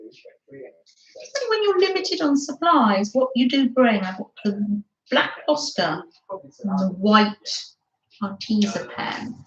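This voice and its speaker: A woman hosting a chatty craft livestream by the seaside, gentle and affectionate as she greets viewers by name. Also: medium pitch, animated, slow pace. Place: by the seaside, away from her desk. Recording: roomy, dull lo-fi sound.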